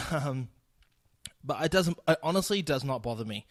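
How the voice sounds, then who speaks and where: A man's voice: fairly high pitch, animated, normal speed, no echo, studio quality. A young man with a New Zealand accent, talking casually and bluntly on his own podcast, laughing and swearing freely. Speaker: podcast host. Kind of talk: casual solo podcast monologue.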